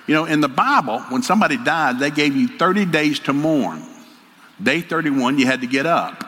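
A man's voice: a little high, animated, normal speed, a bit bright. An older man giving a folksy, joking sermon as a preacher, telling stories with country humor. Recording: hall reverb, faint ambience.

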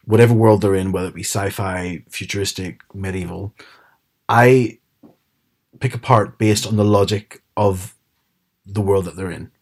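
A man's voice: lowish voice, steady tone, moderate pace, darkish tone. A man chatting casually as a podcast co-host, retelling TV scenes with quoted lines. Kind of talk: casual chat.

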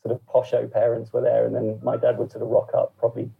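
A man's voice: mid-range voice, completely flat delivery, fast, vocal fry, husky, phone-quality sound. A middle-aged man, a podcast guest chatting casually and rambling with lots of fillers. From England. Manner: rambling, full of fillers and asides. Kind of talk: casual interview chat.

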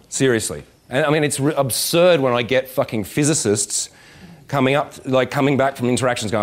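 A man delivering a live seminar as a dating coach, his voice sitting at an ordinary middle pitch. He talks in an animated, profane and joking way and keeps slipping into voices to act out little scenes. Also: fairly quick. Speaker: dating coach speaking at a workshop. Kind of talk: live seminar talk to an audience. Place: indoor event room with about 160 people.

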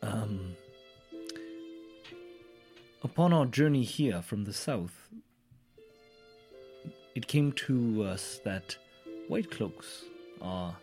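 A male player speaks in character in a fantasy tabletop game, slowly and with courtly formality. His pitch sits in the middle, with faint music underneath. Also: animated, darkish tone.

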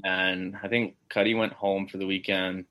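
A young man recalling a family weekend in relaxed, rambling casual chat. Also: sits low, moderate pace.

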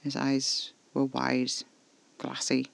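A man reading scripted first-person horror narration in a measured, level way, close to the mic. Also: medium pitch, completely flat delivery, gravelly, rough recording.

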